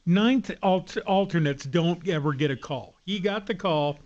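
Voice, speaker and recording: A man co-hosting a radio show, an animated storyteller bantering in the studio. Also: sits high, a little slow, dull audio. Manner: animated storyteller, laughs often. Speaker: radio co-host.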